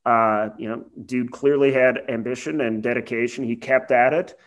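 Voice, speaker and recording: A man's voice: mid-range voice, moderate pace. Chatty man reviewing a film. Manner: rambling, animated when quoting lines. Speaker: podcast co-host. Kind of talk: casual film review chat.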